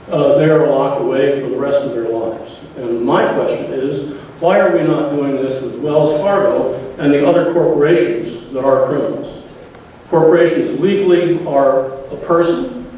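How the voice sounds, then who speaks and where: A man's voice: fairly high pitch, mellow, slight background noise. A man asking a pointed, indignant question at a town hall. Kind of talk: public question. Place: large public hall. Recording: echoey hall recorded from far off.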